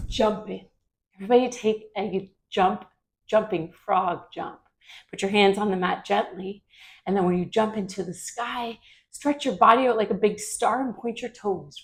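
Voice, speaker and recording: Gentle woman telling a kids yoga story. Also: medium pitch, unhurried, vocal fry. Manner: gentle, asks the children questions.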